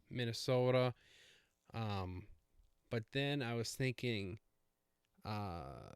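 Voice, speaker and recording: A man's voice: on the low side, clean tone, no room sound, clean studio sound. A man hosting a casual solo podcast, rambling with many fillers and self-corrections. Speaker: podcast host.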